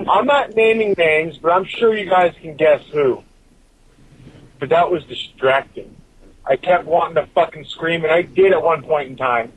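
Man, listener message, fairly high voice, profane, rambling rant. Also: normal speed, breathy edge, poor audio. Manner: swears constantly, drifts from point to point. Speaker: listener sending in a recorded message.

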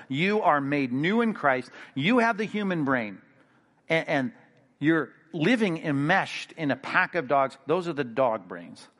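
A man preaching a sermon, animated and conversational, acting out little inner dialogues and dropping into low quiet asides. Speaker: pastor.

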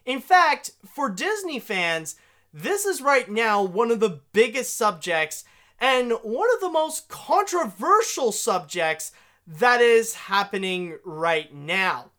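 A woman hosting an animation news podcast, chatty and animated, with gushing emphasis. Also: a little high, slow. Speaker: podcast host.

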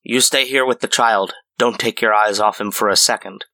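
A man's voice: fairly low pitch, steady tone, moderate pace, sharp tone, dry recording. A man voicing a serious elderly grandfather who speaks in an intense, urgent way. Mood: grave.

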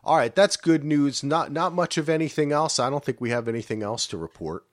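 A man's voice: on the high side, a little fast, no room sound, clean studio sound. A man from New Jersey co-hosting a podcast, chatting casually in a rambling, self-interrupting way. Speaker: podcast co-host. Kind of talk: casual chat recapping a reality show.

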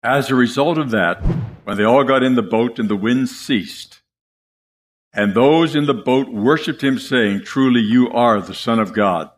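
A man preaching a sermon, moving between loud emphasis and hushed asides. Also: medium pitch, unhurried, a little hiss or hum.

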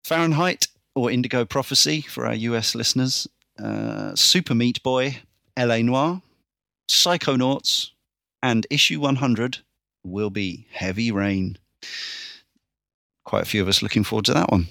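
A man hosting a casual podcast, briskly reeling off a list with dry little asides. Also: medium pitch, gravelly, pushed and bright, no echo. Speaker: podcast host.

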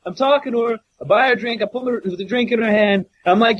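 A man's voice: high voice, quick pace, breathy edge, highs cut off. A man co-hosting a podcast, telling rambling, profane stories in casual banter. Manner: rambling, profane, animated storytelling. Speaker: podcast co-host.

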